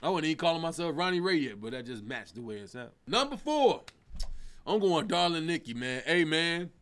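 A middle-aged man, a comedian, counting down songs in a casual, animated way, swearing, laughing and breaking into snatches of song. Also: on the high side, a little fast, smooth. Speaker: comedian host.

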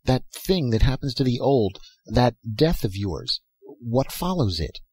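A man reading aloud and voicing a gentle, mournful young woman from a dream world, speaking tenderly and softly. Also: fairly low pitch, animated, normal speed, slightly rough, no room sound. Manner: tender, soft-spoken pleading.

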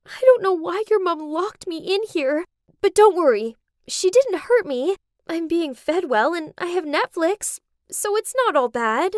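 An outspoken, principled young woman, as a storyteller puts her on speaks up with heat in an animated storybook. Her voice is high and swings widely, and the recording is dry. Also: a little slow, dry recording. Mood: reassuring. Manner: emphatic and heated.

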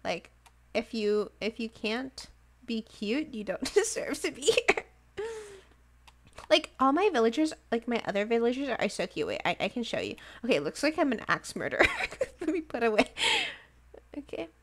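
A woman's voice: fairly high pitch, sing-song, normal speed. A woman streaming a game live, chatting casually and giggling often, with lots of "like" fillers. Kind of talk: casual livestream chat while playing a game.

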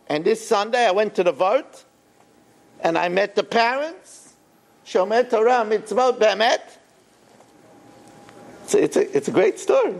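A man's voice: very high voice, very animated, normal speed, creaky, a little hiss or hum. An older man, a rabbi, telling a story in a sermon and acting out the quoted dialogue with animation.

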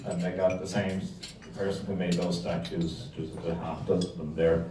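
A man's voice: deep voice, little pitch movement, normal speed, noisy background. A man giving a rambling, joking talk to a club audience. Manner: rambling, joking, many fillers. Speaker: guest speaker. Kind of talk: humorous storytelling talk. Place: club dining room. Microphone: distant room mic. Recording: echoey room from far off, faint clatter.

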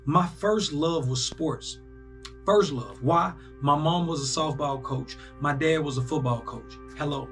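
A young man hosting a casual sports reaction video, animated and breaking into loud bursts as he talks to himself. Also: fairly high pitch, measured pace, soft background music. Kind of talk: excited casual reaction commentary.

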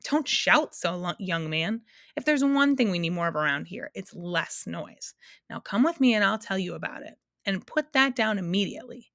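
A woman voicing a wistful, stubborn female sound keeper who is quick to scold. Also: medium pitch, expressive, creaky, fairly bright tone, no room sound, clean studio sound.

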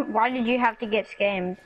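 A woman's voice: a little high, measured pace. A woman on voice chat in a video game, talking in a dismissive, mocking way. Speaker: other player in game chat. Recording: dull lo-fi voice chat with faint noise.

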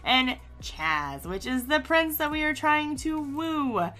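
A woman giving casual let's-play commentary, chatty and excitable, gushing and teasing herself as she plays. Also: high-pitched, slow. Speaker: gaming YouTuber.

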